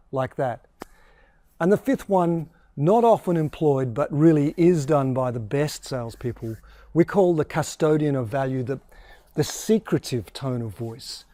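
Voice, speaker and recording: Dark-toned male sales trainer, dry sound. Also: medium pitch, no echo. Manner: demonstrates tones of voice as he talks. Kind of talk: explaining a training course.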